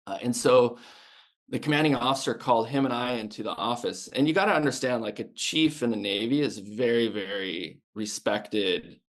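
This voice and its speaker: A man's voice: mid-range voice, normal speed, a bit bright. A man in his fifties from the United States, a former Navy sniper and podcast guest, telling his story in a blunt, casual way that is full of restarts and swearing.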